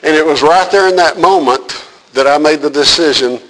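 Pastor, male, slightly high-pitched, preaches in a conversational, storytelling way and asks the room questions. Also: moderate pace, noisy background. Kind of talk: sermon.

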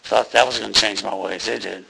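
Gravelly man telling his story. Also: lowish voice, fairly even intonation, a little fast, noisy background. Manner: rambling, earnest, many fillers. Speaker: interviewee telling a near-death experience. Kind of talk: personal testimony.

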